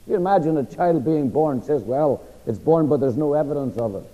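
A middle-aged man preaching in a Bible class, with a frog in his throat, pausing for the congregation to finish his sentences. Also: fairly high pitch, expressive, dark tone. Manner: asks the audience to fill in words. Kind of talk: sermon-style Bible teaching. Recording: lo-fi recording with long hall reverb.

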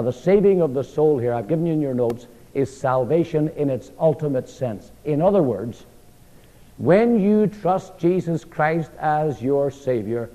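A man with a high, darkish voice teaches a Bible study as a sermon, posing questions to his listeners and answering them himself. He repeats key phrases, ending them with a falling, emphatic finish. The lo-fi recording has long hall reverb.

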